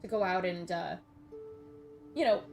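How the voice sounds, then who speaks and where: A woman's voice: on the low side, a little slow, gravelly, soft background music. A woman streaming a game, chatting casually and thanking viewers by name. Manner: chatty, thanks chat members warmly. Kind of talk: casual gameplay commentary.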